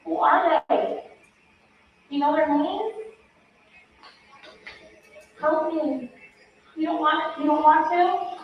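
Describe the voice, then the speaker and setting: A woman's voice: high-pitched, slow, pauses often, slight background noise. A woman interviewing a patient at a hospital bedside, coaxing and soothing her, repeating short pleas to breathe. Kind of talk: bedside interview recording played in court. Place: hospital room. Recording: echoey, distant, muffled court playback.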